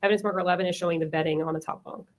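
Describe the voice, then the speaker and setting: A woman's voice: on the low side, fairly even intonation, racing, slight background noise. A woman testifying in court as a crime scene investigator, giving brief, matter-of-fact answers.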